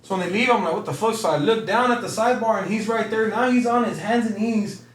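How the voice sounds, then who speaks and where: A man being interviewed tells a long story loosely and slangily, rambling with lots of fillers. His voice sits high and a bit bright, and he talks at a quick pace.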